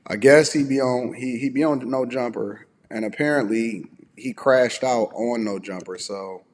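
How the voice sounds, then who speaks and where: A man hosting a casual live stream from home, relaxed and a bit groggy with a slightly raspy voice, chatting and reading viewer messages aloud. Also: medium pitch, normal speed, long reverb tail. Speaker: host.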